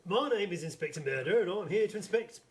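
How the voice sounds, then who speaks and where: A man's voice: high voice, lively intonation, fast talker. A man playing a bumbling pompous inspector. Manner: stagey, flustered, stammering delivery. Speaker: comedy actor. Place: live theatre stage.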